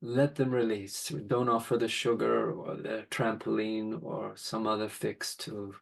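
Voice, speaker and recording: A man talking as a podcast guest and father, in a gentle, thoughtful, unhurried conversation. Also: fairly low pitch, flat delivery, creaky, rough recording. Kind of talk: reflective conversation.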